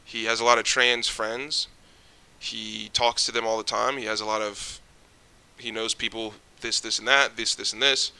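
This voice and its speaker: A man's voice: lowish voice, flat delivery, normal speed, sharp tone, smooth. A young man ranting casually to camera, jittery and stumbling over his words, swearing often. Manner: swears often, rambling restarts. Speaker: vlogger.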